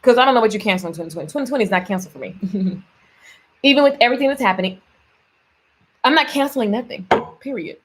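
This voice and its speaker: A woman's voice: on the high side, lively intonation, fast talker, long pauses. A woman giving a playful, ranting motivational faith talk to her viewers and calling them baby and honey. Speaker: faith-based lifestyle vlogger.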